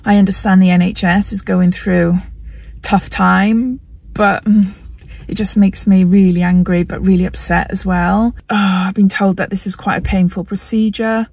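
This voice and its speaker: A woman's voice: mid-range voice, fairly even intonation, normal speed, creaky, darkish tone, husky, no echo. A middle-aged woman talking candidly in a personal vlog, often laughing and sometimes emotional. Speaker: vlogger.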